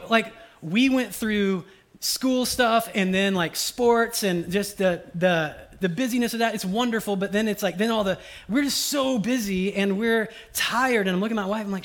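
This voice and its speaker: Middle-aged pastor, relaxed conversational preaching, high-pitched. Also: male voice. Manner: casual, conversational preaching with many asides; acts out voices of the people in his stories. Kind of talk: sermon.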